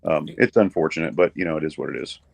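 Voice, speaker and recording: A man's voice: extremely low pitch, fast talker, vocal fry, slightly rough, no echo. A middle-aged man, a guest musician on a video call, chatting casually in a rambling way with frequent restarts and the odd swear word. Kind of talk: casual chat.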